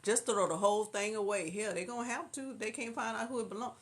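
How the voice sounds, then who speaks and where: A woman with a natural Southern drawl hosts a casual livestream, chatting and laughing along with her viewers. Her voice sits at a middle pitch, and she greets people by name as she reads their comments aloud. Her manner is loose and easygoing. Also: steady tone, fast talker. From Houston, Texas. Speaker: livestream host.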